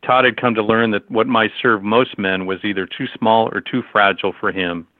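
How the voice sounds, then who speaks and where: A man with a fairly low voice reads a story aloud at a steady, measured pace. The sound is dry and close, with no room around it. It comes through thin and tinny, like a phone line. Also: no echo. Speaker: narrator. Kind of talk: storybook narration.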